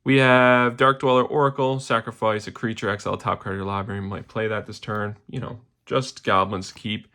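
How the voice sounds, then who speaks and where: Gravelly-voiced casual young man. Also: lowish voice, steady tone, brisk, few pauses, sharp tone. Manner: loose, rambling, slangy, with fillers and trailing asides. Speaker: deck tech host. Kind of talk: casual card game deck tech.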